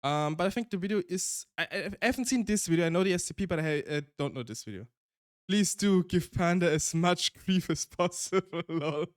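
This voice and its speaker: Streamer, man, German accent, fairly high voice, rambling casual chat, dry close sound. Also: lively intonation, brisk, no echo. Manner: rambling, restarts a lot, laughs often.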